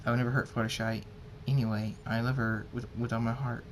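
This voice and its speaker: A man voicing a solemn, loyal male pony lord in a home-read fan story, with halting restarts. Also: mid-range voice, level tone, a little hiss or hum, natural voice, rough recording.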